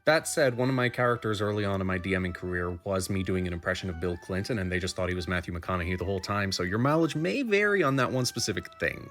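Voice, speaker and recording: Lively man giving tabletop game advice. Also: fairly low pitch. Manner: lively, joking, talks straight to the viewer. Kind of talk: advice video talk.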